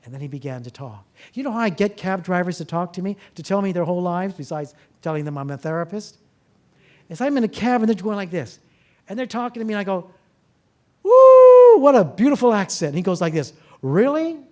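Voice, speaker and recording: A man's voice: sits high, quick pace. A man, a therapist, giving a public talk to a live audience, telling stories and asking the listeners rhetorical questions. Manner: acts out dialogue in lively voices.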